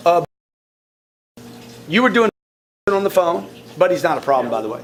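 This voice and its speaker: A man coaching his sales team in a blunt, forceful way, often repeating words. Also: high-pitched, very animated, normal speed, pauses often, slight background noise. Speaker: sales trainer.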